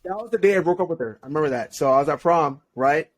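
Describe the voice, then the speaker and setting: Young male podcast guest, lively and slangy, laughs a lot, slightly high voice. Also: fast talker, muffled recording. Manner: animated, slangy, laughs often, restarts sentences. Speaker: podcast guest, relationship coach. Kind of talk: casual storytelling chat.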